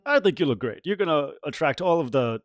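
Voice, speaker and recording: A man's voice: on the high side, expressive, quick pace, soft background music, voice pushed up, close to an everyday voice. A man voicing a flustered, lanky young male valet who stammers and gushes reassurance, in a tabletop role-play.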